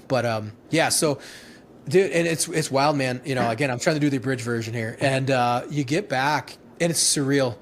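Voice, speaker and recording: In this casual interview, the guest is a thirty-something ex-Marine infantryman whose voice stays at a typical mid pitch. His retellings are loose and profane, full of laughter and frequent restarts. There's a faint hum of background noise throughout.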